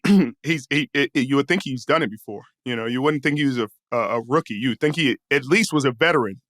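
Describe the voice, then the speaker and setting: A man, a podcast guest, talking in a relaxed way with many restarts and fillers. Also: medium pitch, quick pace, dry recording, clean studio sound. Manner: relaxed, hesitant, lots of "you know what I mean". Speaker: guest, former football player. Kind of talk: casual chat.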